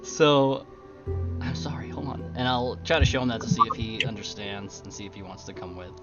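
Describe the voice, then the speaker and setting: A man's voice: mid-range voice, brisk. A man playing in a tabletop game, laid-back and hesitant, with lots of "uh"s and casual swearing. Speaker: player. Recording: dull lo-fi mic with clear background music.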